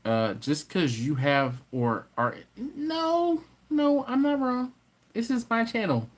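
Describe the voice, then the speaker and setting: A livestream host with a very high-pitched, sing-song voice speaks slowly as he reads viewer comments. He's playful, teasing the chat and bantering with it during his casual stream.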